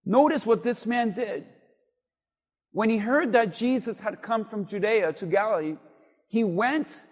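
A man preaching a sermon to a church congregation, with an emphatic, repetitive cadence that swells toward near-shouts. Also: high-pitched. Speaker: pastor. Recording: long hall reverb.

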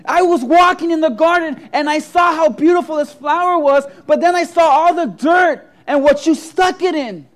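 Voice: high-pitched, moderate pace, few pauses, natural voice. A preacher voicing a little girl in a sermon story, pleading and emotional. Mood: distraught. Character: little girl, tender and easily upset.

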